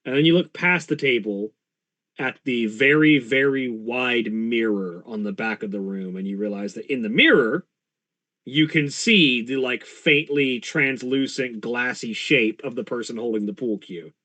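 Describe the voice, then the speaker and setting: A man running a tabletop game as game master, narrating in a relaxed, easygoing way. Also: mid-range voice, measured pace.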